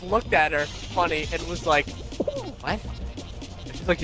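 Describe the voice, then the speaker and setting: A young man co-hosting a podcast, telling stories in a casual, animated way and acting out what people said. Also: high-pitched, a little slow, pauses often, over music. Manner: animated storytelling, acts out quotes. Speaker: podcast co-host. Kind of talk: casual chat.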